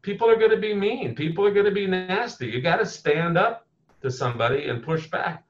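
With a high, brisk voice and lively intonation, a man impersonates a defiant male tech visionary who is blunt, proudly abrasive and combative and curses freely. It's a comedic impression interview, recorded in muffled lo-fi audio.

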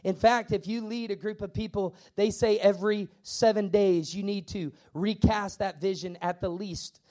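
A man's voice: high voice, fairly even intonation, normal speed, dark tone. A man pastor preaching a sermon, emphatic and repetitive, with stammering acted asides.

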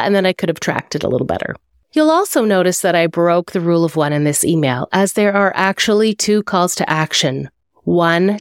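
A woman's voice: fairly low pitch, clean tone, no room sound, studio quality. A woman hosting a podcast, reading one of her emails aloud and explaining in an upbeat, instructive way why it worked. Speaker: podcast host and email copywriter.

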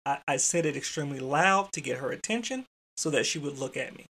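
A man's voice: on the high side, fairly quick, a bit bright. A man hosting a podcast, telling a work story in a casual, chatty way and talking straight to his listeners. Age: adult father. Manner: chatty, addresses listeners as y'all, mild swearing. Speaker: podcast host.

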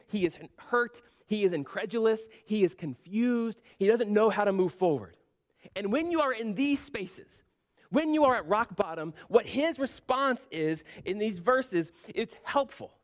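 A man preaching a sermon in a casual, animated storytelling way, often saying "like". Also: high voice. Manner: conversational, animated retelling with frequent "like". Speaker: pastor.

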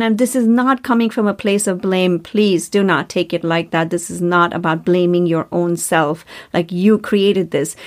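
A woman's voice: mid-range voice, a little mellow. Earnest woman hosting a self-help podcast. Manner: earnest, repetitive, rhetorical questions. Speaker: podcast host. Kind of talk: spiritual self-help monologue.

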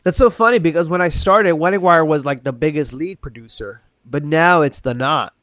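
A man's voice: fairly high pitch, normal speed, fairly bright tone, no echo, studio quality. A man talking as a guest on a podcast, rambling casually with many restarts and self-corrections. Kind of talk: casual chat.

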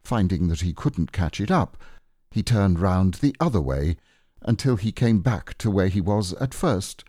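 A man reads a storybook in a very deep, mellow voice. His pace is slow and unhurried, and his pitch rises and falls with lively expression. He is recorded on a close mic in a dry, dead room. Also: no echo. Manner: slow and unhurried, gentle phrasing. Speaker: audiobook reader. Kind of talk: storybook narration.

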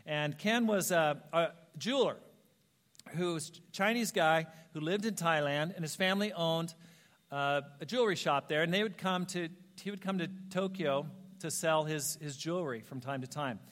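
A pastor preaching a sermon in a church, telling personal stories in an animated way and acting out the voices of people he quotes. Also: fairly high pitch, normal speed. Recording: long hall reverb.

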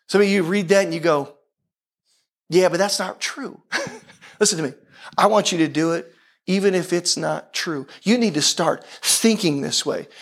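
High-voiced man preaching a sermon. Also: fairly bright tone. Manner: conversational preaching with frequent restarts and rhetorical questions. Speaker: pastor.

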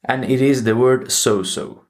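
A man's voice: medium pitch, fairly even intonation, a little slow, darkish tone. A man who is not a native English speaker, hosting a podcast English lesson and explaining words patiently, often restarting and correcting himself. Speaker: English teacher and podcast host.

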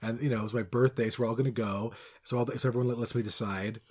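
A middle-aged man co-hosting a podcast, telling long rambling stories in casual chat that trail off quietly and then pick up again. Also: mid-range voice, steady tone, racing, breathy edge. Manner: rambling storyteller, drifts quiet then loud. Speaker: podcast co-host.

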